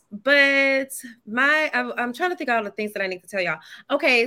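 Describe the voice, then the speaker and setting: A woman's voice: medium pitch, bright, forceful tone. A woman co-hosting a podcast, sharing announcements in casual chat while thinking aloud with fillers. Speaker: podcast co-host.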